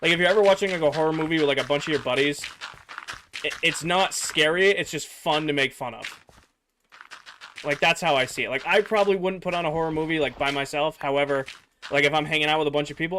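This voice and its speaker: Slightly high-voiced casual male streamer. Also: quick pace, a bit bright, slight background noise. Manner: rambling, filler-heavy, answering chat. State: losing his voice. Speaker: game streamer. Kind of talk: casual livestream chat with viewers.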